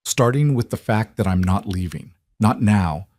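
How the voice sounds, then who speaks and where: A man's voice: fairly low pitch, lively intonation, normal speed, darkish tone, lightly acted. A man reading the lines of a cold, controlled mafia boss in a told story. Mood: stern.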